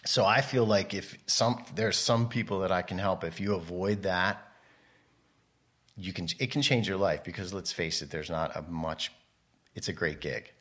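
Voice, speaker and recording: Deep-voiced man chatting in an interview. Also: normal speed, fairly bright tone. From United States. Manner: rambling, self-interrupting storyteller. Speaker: podcast guest, model and photographer. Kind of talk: casual interview chat.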